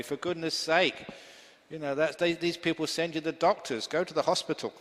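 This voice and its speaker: A man's voice: fairly high pitch, steady tone, moderate pace, fairly bright tone, a little hiss or hum. A man, a Buddhist monk teacher, giving a humorous, chatty dharma talk full of stories. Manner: humorous, chatty, laughing easily. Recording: long hall reverb.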